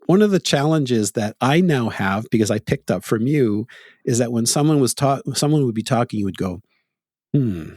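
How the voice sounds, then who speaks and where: A man's voice: medium pitch, animated, a little fast, a little mellow, no room sound, clean studio sound. A middle-aged Canadian man hosting a podcast, telling stories in a casual, reflective chat and chuckling often. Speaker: podcast host.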